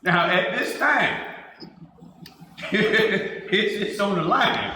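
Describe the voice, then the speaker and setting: Man, pastor, animated Bible-study teaching, high voice, echoey church hall. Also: drawn-out words, pauses often, slight background noise. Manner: animated, laughing, repeats points for emphasis. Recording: echoey hall with long reverb.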